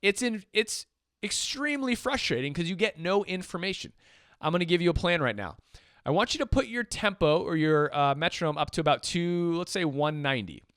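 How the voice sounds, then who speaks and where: A man teaching jazz piano in a relaxed, chatty way, counting beats aloud as he plays. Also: high voice, brisk, dry recording, studio quality. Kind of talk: casual instructional talk. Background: piano playing and metronome clicks.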